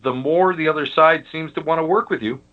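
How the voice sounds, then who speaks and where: A man, a guest on a paranormal talk show, telling his stories in an animated, emphatic casual chat. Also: on the high side, a little fast, lo-fi sound.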